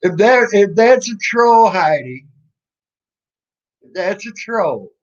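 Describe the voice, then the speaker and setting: A man's voice: sits high, big pitch swings, slow. A man hosting a livestream, talking casually in a mocking, sarcastic way with rambling restarts. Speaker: livestream host. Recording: dull lo-fi stream audio.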